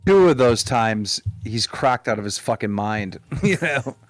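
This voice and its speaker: A man's voice: mid-range voice, animated, a little slow, no room sound, soft background music. A man on a casual livestream chat, telling rambling stories with lots of swearing. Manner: crude, rambling storyteller. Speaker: guest streamer.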